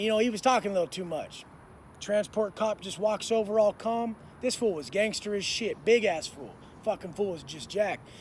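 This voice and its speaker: Man, high-pitched voice, intense street-slang storytelling, heavy swearing, outdoors in a city, faint traffic noise. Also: darkish tone. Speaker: motivational speaker. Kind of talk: storytelling monologue.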